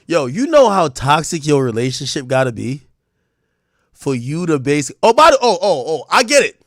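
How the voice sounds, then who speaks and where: A man with a high voice whose pitch leaps around as he riffs on stream. He swears freely and bursts into loud shouts. His voice sounds dry and close, with no room around it. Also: moderate pace, no room sound. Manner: animated, profane, breaks into loud shouted outbursts. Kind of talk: casual comedic stream commentary.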